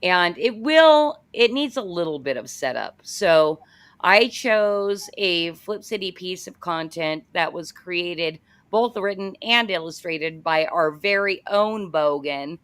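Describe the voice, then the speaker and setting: An upbeat American woman hosts a live-stream interview, chatty and joking. Her voice sits a little low for a woman and sounds dry and close to the mic, with no room echo. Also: animated, takes it slowly, fairly bright tone. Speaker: host.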